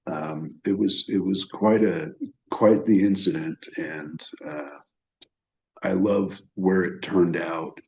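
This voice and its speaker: Brief: lower-voiced male host, slow and halting, choked up, roomy echo. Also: fairly even intonation, creaky, darkish tone. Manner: halting, emotional, pauses and restarts. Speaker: astrology channel host. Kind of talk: personal storytelling.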